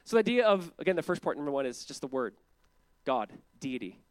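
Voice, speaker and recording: A young man preaching a casual, conversational sermon, earnest and quick to act out quotes in lively voices. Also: on the high side, no echo. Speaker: pastor.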